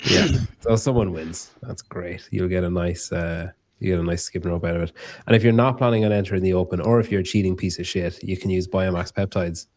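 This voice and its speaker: A man's voice: deep voice, fairly even intonation, fairly quick, few pauses, darkish tone. A man hosting a casual podcast, joking and rambling, swearing freely. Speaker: podcast host.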